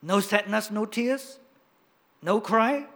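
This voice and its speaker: A male pastor preaching a sermon, hitting key words loudly and dropping to quiet asides. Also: high-pitched, takes it slowly. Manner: emphatic, swings between loud stresses and quiet asides.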